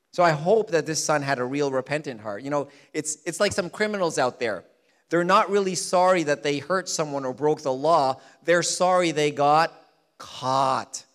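A man preaching a sermon, stressing key lines slowly and acting out the people he quotes. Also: a little high, a bit bright. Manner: emphatic, repeats key lines slowly, acts out quoted voices. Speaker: pastor.

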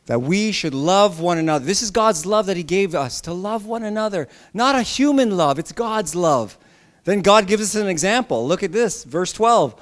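Guy preaching a sermon, animated and punchy, keeps cracking little jokes, fairly high voice. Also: moderate pace. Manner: animated, emphatic, joking asides. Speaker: pastor.

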